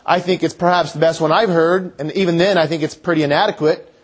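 A man's voice: fairly high pitch, steady tone, fast talker, breathy edge. A man preaching a sermon in a conversational way, thinking aloud and restarting his phrases.

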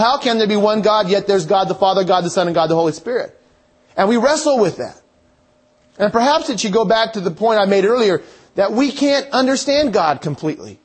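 A man preaching a sermon in a conversational way, thinking aloud and restarting his phrases. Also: sits high.

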